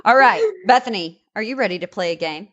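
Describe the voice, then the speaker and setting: A woman's voice: mid-range voice, animated, fast talker, a bit bright, dull audio. Giggly woman hosting a podcast. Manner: giggly, reads texts and quotes aloud. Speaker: podcast host. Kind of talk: casual comedy chat.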